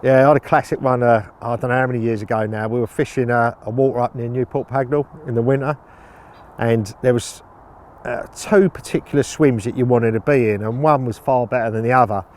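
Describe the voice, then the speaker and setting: A man's voice: mid-range voice, fairly even intonation, a little fast, a little mellow. A man, a fishing consultant, telling a funny anecdote in a chatty way, chuckling and using sound words.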